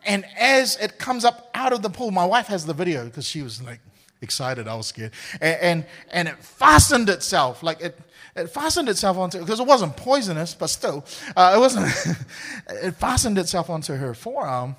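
A pastor's high, very animated voice, pushed and bright, moves at a normal speed through a sermon of personal storytelling. He tells his stories energetically, laughing often and repeating words.

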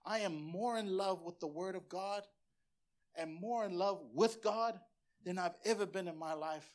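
A man's voice: sits high, measured pace. A man in his forties from Samoa, a pastor preaching a sermon in an earnest, passionate way and often repeating words as he presses a point.

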